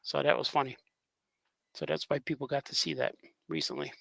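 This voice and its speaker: A man with a gravelly edge and a slightly raised pitch, talking casually on a livestream. He rambles from story to story and laughs a lot, and the sound is close and dry with no room around it. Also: little pitch movement, brisk, fairly bright tone, no room sound. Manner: rambling, laughs often, drops into grunting impressions. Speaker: cartoonist co-hosting a livestream chat. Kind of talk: casual chat.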